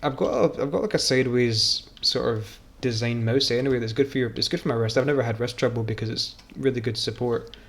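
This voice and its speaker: A man's voice: medium pitch, steady tone, fast talker, few pauses, a bit bright. A man streaming a game, rambling and joking in casual, self-mocking commentary. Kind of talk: casual commentary while gaming.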